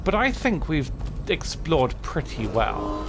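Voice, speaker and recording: Low-key man streaming. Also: wildly swooping pitch, takes it slowly, creaky. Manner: low-key, candid, downbeat. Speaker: game streamer. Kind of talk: casual live-stream chat. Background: game music.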